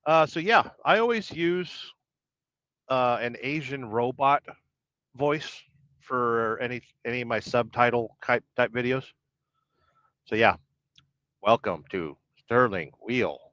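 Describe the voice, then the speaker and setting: A middle-aged man hosts a casual trucker livestream, reading viewer comments with wry, rambling banter. His mid-range, slightly bright voice is expressive and slow, with frequent pauses. The audio is podcast-style sound only, dull, lo-fi, and dry with no room sound.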